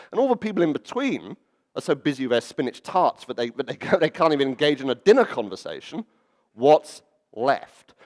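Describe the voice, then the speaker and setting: Animated man telling stories. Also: medium pitch. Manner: animated, acts out quoted voices and laughs at his own stories. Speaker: speaker at a public event. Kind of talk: storytelling public talk. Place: library event hall.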